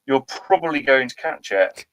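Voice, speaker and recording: A man's voice: medium pitch, lively intonation, moderate pace. A man co-hosting a comedy show, bantering casually with hesitant ums. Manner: hesitant, full of ums, laughs easily.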